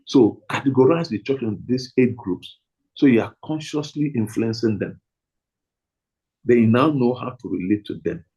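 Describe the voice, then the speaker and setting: A man's voice: on the low side, darkish tone, husky, low-quality recording. A man leading a training talk for pastors, emphatic and repetitive, leaning hard on single words.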